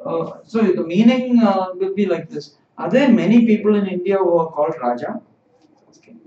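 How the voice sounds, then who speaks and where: A man's voice: sits high, normal speed, dark tone. A man teaching a live-streamed language lesson, explaining patiently and repeating phrases. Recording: roomy, distant, dull sound.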